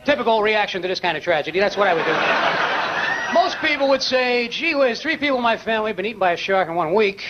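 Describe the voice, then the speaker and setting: A man's voice: sits high, lively intonation, fast talker, heavy background noise. A man doing a stand-up set on television, telling his joke in an incredulous, mocking way. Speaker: stand-up comedian. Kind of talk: stand-up set on a late-night show. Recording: dull old broadcast tape, loud audience. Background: audience laughter.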